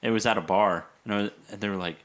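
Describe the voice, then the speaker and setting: A man's voice: on the low side, fast. A man chatting on a podcast, telling stories animatedly and acting out what people said. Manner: animated storyteller, acts out quotes. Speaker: podcast guest. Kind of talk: casual chat.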